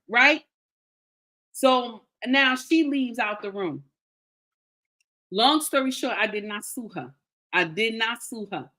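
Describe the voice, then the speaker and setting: A woman with a bright, forceful voice recounts a personal story straight to her viewers. She is animated and emphatic, and she repeats her key lines for weight. She keeps checking in with her listeners as she goes. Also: fairly high pitch.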